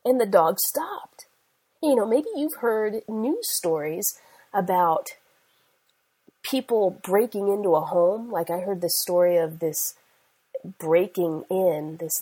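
A woman's voice: fairly low pitch, measured pace, mellow, husky, low-quality recording. A middle-aged woman preacher delivering an earnest sermon, telling stories in a conversational way and quoting scripture.

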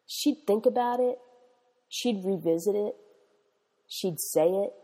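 Brief: a middle-aged woman Bible teacher, mellow and husky, punchy repeated exhortations. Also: medium pitch, slow pace, long reverb tail. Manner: emphatic, repetitive exhortation with "okay?" tags. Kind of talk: sermon.

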